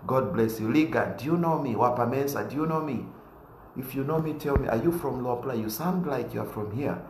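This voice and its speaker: A man with a Zambian accent giving impassioned political talk to his viewers, preachy and repetitive, building to shouts. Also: medium pitch, fairly quick, reverberant, a little hiss or hum, poor audio. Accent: Zambian English. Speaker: political commentator.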